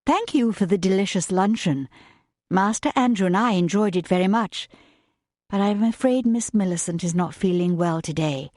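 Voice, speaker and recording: A woman voicing a polite, composed young governess who speaks gently and earnestly. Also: medium pitch, moderate pace, no echo, studio quality, natural voice.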